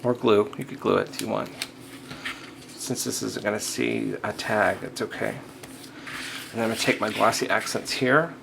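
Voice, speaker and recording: A man's voice: lowish voice, fairly even intonation, moderate pace, creaky, long pauses. A man hosting a step-by-step crafting tutorial, talking casually and thinking aloud, checking in with the viewer as he works. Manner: casual, thinking aloud, frequent okays and restarts. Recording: audible background noise.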